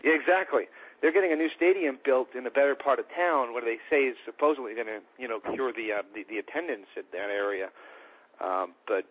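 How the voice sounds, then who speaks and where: Husky rambling man, lo-fi sound. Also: medium pitch, brisk. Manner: rambling, joking. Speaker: podcast co-host. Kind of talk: casual wrestling chat. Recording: dull lo-fi sound.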